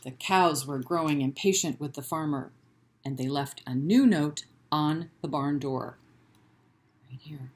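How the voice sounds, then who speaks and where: A woman leading a children's library storytime, reading a picture book aloud in an animated way and inviting the children to chant along. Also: deep voice, unhurried. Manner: gentle and encouraging with children.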